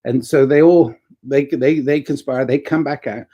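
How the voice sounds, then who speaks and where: A man talking to camera in a rambling, reflective way, telling stories and giving gentle advice. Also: mid-range voice, fairly even intonation, moderate pace. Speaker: vlogger. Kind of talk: casual talking-to-camera monologue.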